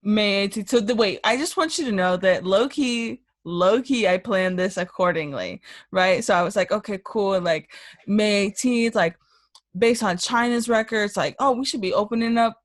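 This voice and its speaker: A woman's voice: mid-range voice, normal speed, no echo, studio quality. Rambling woman in casual podcast chat. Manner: rambling, self-mocking, many fillers. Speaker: podcast co-host.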